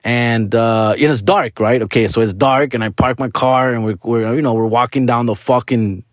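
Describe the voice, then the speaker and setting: A man tells a casual story in an animated way, tagging his sentences with street slang and swearing freely. He switches between Spanish and English mid-sentence. His voice sits at a middle pitch, and the recording is dry and close. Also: normal speed, dry recording.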